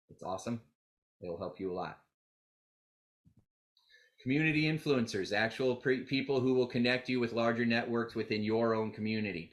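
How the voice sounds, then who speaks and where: A man presenting a live motivational seminar on getting clients, telling stories with acted-out quotes and calling on the audience to repeat after him. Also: lowish voice. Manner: energetic, animated storytelling with quoted dialogue.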